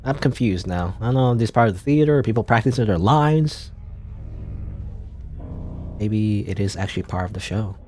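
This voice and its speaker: A man's voice: fairly low pitch, expressive, moderate pace, long pauses, a little mellow, faint music behind. Rambling man doing let's play commentary. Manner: rambling, hesitant, full of "like" and "you know"; reads game text aloud. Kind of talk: casual gameplay commentary.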